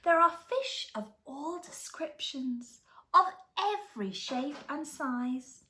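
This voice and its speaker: Preschool teacher, woman, animated storytime reader, slow and expressive, echoey room. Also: high-pitched. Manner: animated, gasps and asks children questions. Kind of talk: reading a picture book to young children.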